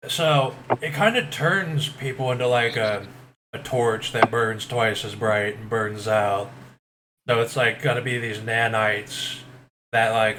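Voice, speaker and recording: A man's voice: mid-range voice, bright, forceful tone, poor audio. A man playing a tabletop game online, talking hesitantly with lots of fillers and restarts. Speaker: player. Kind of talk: casual tabletop role-play. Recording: audible background noise.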